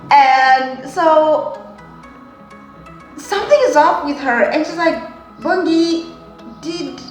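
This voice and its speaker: A young woman tells an emotional story to her viewers in a dramatic, unhurried way. Her voice swings from hushed to loud. The room is echoey and faint music plays behind her. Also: high-pitched. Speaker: vlogger.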